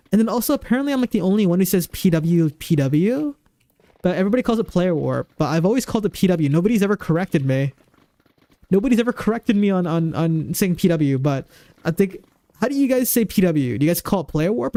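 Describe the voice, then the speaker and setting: A man's voice: high-pitched, dark tone, no echo. A man streaming a game live, chatting casually and rambling while he answers viewers' questions at a desk microphone.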